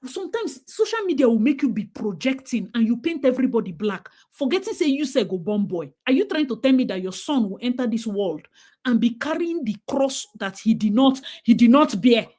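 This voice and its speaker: A Nigerian woman with a slightly high voice speaks in a casual talk-show discussion. She talks emphatically, slips into Pidgin, and mimics parents as she makes her points. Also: very animated, a little fast, warm tone. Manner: emphatic, switching into Pidgin, acting out quoted parents.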